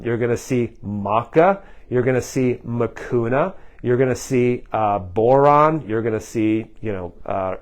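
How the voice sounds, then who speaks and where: A man in a mid-range voice speaks to camera like a health practitioner walking his viewers through a topic. He sounds loose and conversational. His talk is full of uhs and ums, and he keeps turning to the audience with "guys" and "okay?". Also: mid-range voice. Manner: conversational, many fillers, addresses viewers as "guys". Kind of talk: explainer video to camera.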